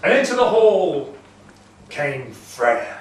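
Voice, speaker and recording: Storyteller in an echoing hall. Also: male voice, on the high side, sing-song, takes it slowly, slight background noise. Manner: dramatic, swelling and hushing. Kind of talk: live oral storytelling. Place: castle great hall. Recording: echoey hall from far off.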